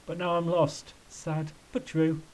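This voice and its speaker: A man's voice: fairly high pitch, little pitch movement, measured pace, darkish tone, voice pushed up, natural voice, poor audio. A man voicing a wretched, childlike male tramp who wails in sing-song rhymes for a storybook reading. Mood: wailing. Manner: sing-song rhyming wail.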